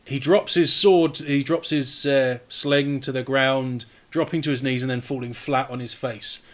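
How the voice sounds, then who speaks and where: A man's voice: mid-range voice, steady tone, a bit bright. Man running a gory tabletop game. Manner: vivid, gory narration with quick rules asides. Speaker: game master. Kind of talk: narrating a tabletop game over voice chat. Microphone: headset or desk mic on a voice call.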